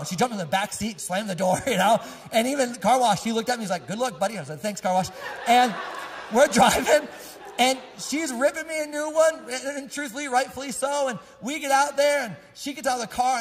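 A man's voice: extremely high pitch, slight background noise. A male pastor preaching a sermon through casual, joking personal stories, often laughing as he tells them. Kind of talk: storytelling sermon. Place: church sanctuary. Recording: long echo of a church hall.

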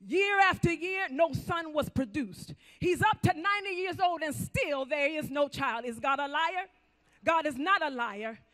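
A male pastor preaching emphatically, swinging between loud calls and quiet asides. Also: very high-pitched, lively intonation, measured pace. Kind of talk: sermon.

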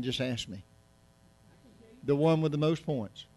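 A man's voice: a little high, measured pace, darkish tone. A middle-aged man, a pastor preaching to his congregation in a folksy, joking, rambling way with many restarts. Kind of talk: casual sermon to a congregation. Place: church sanctuary.

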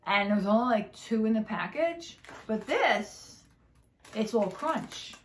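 A woman from New Jersey with a Jersey accent, telling stories in a casual, animated vlog and acting out both sides of conversations. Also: on the high side, measured pace, roomy sound, a little hiss or hum. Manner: animated, swears, acts out quoted exchanges. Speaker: vlogger. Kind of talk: casual chatty storytelling.

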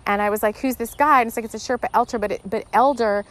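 A woman's voice: medium pitch, little pitch movement, rapid-fire, fairly bright tone. A woman hosting a spiritual podcast, talking casually and earnestly, rambling with many restarts and getting emotional. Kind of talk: casual spiritual guidance talk.

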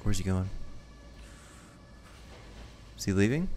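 A man commentating a horror game, jumpy and excitable, swearing and yelping when scared. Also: sits low, normal speed, creaky, pauses often. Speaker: gaming channel host.

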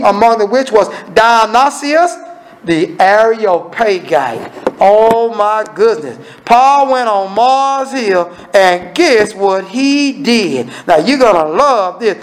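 A man preaching an evening sermon with a Southern US accent, swinging between low murmurs and emphatic high exclamations. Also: gravelly, rough recording. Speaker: minister.

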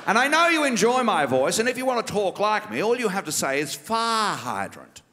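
A man's voice: high-pitched, sing-song, pushed and bright, pitched above the performer's own voice, exaggerated voice. Man doing a smug, drawling rich politician. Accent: Australian. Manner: drawn-out, over-enunciated vowels. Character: smug rich male politician, pompous and self-satisfied. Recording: live stage mic in reverberant theater.

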